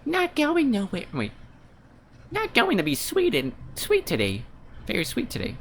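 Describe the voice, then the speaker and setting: A man voicing a creepy, cutesy little game creature in a high, squeaky, gravelly put-on voice that drags out its sweet words. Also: wildly swooping pitch, measured pace, slight background noise, full character voice. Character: creepy sing-song small creature called Onion, cutesy.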